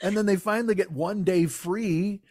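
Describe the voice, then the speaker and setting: A fairly high-voiced man spins rambling, profane anecdotes in casual podcast chat, jumping into shouted impressions of other people. The sound is dry and close, with no room around it. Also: moderate pace, no echo. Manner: profane, animated storyteller who mimics people. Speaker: podcast co-host.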